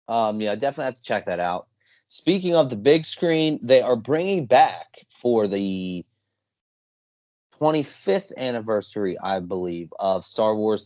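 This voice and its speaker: Low-voiced laid-back young man. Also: a little mellow, no room sound. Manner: laid-back, inquisitive, slangy. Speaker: podcast co-host. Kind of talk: casual chat.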